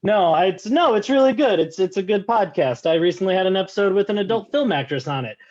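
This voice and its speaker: A man's voice: high voice, lively intonation, fast talker, darkish tone. A man doing a stand-up set over a video call, self-deprecating and rambling with lots of filler words. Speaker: stand-up comedian. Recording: slightly dull lo-fi call audio.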